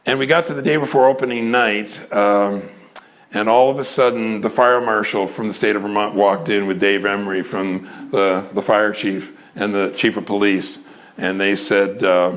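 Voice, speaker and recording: A man's voice: fairly low pitch, measured pace, fairly bright tone. A man who runs a community theater tells a long anecdote in a storytelling manner, acting out the other people's lines in changing voices.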